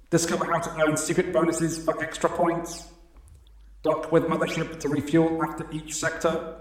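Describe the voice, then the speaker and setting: A man putting on a stiff robot voice, reading game instructions in a monotone. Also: a little high, heavy reverb, natural voice, low-quality recording.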